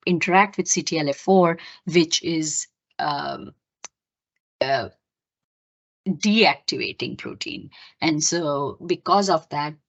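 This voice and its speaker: A woman's voice: on the low side, lo-fi sound. A woman giving a recorded lecture, explaining step by step with many fillers and self-corrections.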